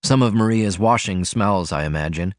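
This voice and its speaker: A man's voice: lowish voice, normal speed, dry recording, clean studio sound, close to an everyday voice. A man reading an audiobook, voicing a poor young male writer who talks in an earnest, eager way. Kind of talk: audiobook character voice.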